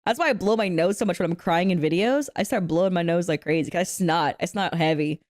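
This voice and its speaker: A woman's voice: on the low side, fast talker, darkish tone, no room sound. A young woman streamer chatting casually with her viewers, giggly, playful and cheerfully profane, on a close desk mic. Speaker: streamer reacting to a video. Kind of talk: casual reaction chat.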